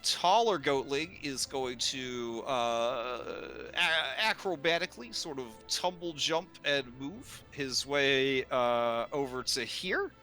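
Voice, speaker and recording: A man running a tabletop game, narrating at an unhurried, drawn-out pace. His voice is bright and clear, and he pauses often with hesitant fillers. Faint music plays underneath. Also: medium pitch, animated. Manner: slow, rambling, with many fillers and laughs. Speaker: game master.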